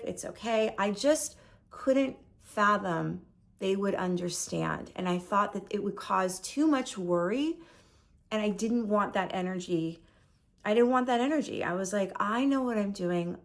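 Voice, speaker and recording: A woman's voice: medium pitch, creaky. A woman in her forties talking earnestly in a reflective video journal, often trailing off and restarting her thoughts. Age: 40s. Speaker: vlogger. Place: lives in Paris.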